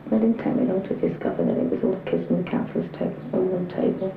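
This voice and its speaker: A woman's voice: on the low side, steady tone, quick pace, creaky, roomy sound, narrow, tinny audio, over music. A woman recalling her school days in a plain-spoken, reflective way for a documentary. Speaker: interviewee. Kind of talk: personal documentary recollection.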